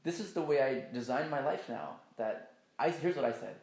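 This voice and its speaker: A man's voice: mid-range voice, expressive, moderate pace, vocal fry, darkish tone, reverberant. A man telling a personal story in a casual, rambling and emphatic way, swearing often.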